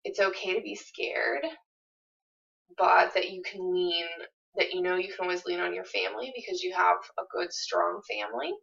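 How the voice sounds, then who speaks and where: A woman voicing a gentle, reassuring husband in a role-play, speaking in a soft, comforting way. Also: lowish voice, steady tone, normal speed, creaky. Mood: tender. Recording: distant, dull lo-fi recording.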